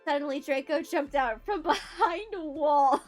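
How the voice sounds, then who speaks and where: Young woman, streamer, comic read-aloud, amused asides, high voice, faint music behind. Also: a little mellow. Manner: amused, breaks off into laughter and asides. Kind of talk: comic live reading aloud.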